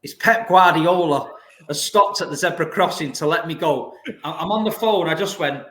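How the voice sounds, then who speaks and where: A man hosts a casual chat. His voice sits fairly high, and his storytelling is chatty and playful. The sound is roomy and echoey. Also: moderate pace, pushed and bright. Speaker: host. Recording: echoey room.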